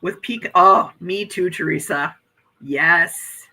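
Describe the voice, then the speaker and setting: A woman's voice: lowish voice, slow pace, sharp tone, rough recording. A woman in her fifties hosting a casual morning livestream chat, reading out viewer comments and gushing with frequent exclamations. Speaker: livestream host.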